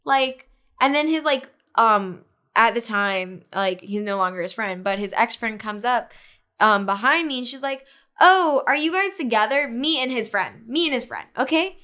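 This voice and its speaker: A woman's voice: on the high side, moderate pace. A young woman, a podcast guest, casually telling a story with lots of fillers and acting out what others said. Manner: animated retelling with many fillers, acting out others' lines.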